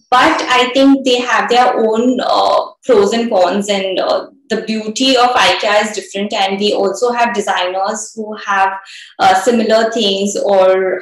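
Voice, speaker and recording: A woman answering audience questions in a live online session, hesitant and full of fillers. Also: mid-range voice. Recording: echoey video call audio.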